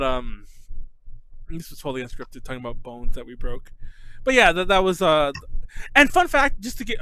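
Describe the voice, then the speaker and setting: Man, high voice, very lively pitch, casual podcast chat, laughs and swears. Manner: animated storytelling, swearing, laughing often. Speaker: podcast host.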